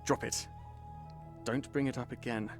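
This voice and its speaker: A man's voice: medium pitch, fairly even intonation, a little slow, breathy edge, faint music behind. An actor playing a cagey, flippant young male tour guide with an Australian-sounding accent in a mystery game. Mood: evasive. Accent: Australian-sounding British attempt. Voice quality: breezy, mocking, evasive.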